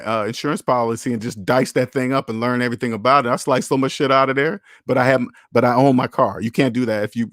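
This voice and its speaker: A man's voice: mid-range voice, no echo, studio quality. A man hosting a casual livestream about money, talking bluntly and with lots of swearing, acting out both sides of phone calls. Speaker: finance channel host.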